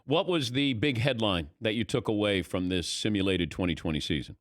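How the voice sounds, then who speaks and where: A man's voice: fairly low pitch, a little fast, dry recording, clean studio sound. A man hosting a sports interview, asking brief, easygoing questions. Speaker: radio show host.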